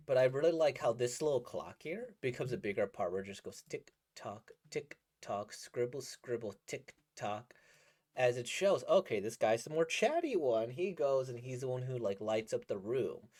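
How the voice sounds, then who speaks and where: Lively, rambling man reacting to manga. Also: medium pitch. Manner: rambling, enthusiastic, laughs often. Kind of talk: casual reading reaction commentary.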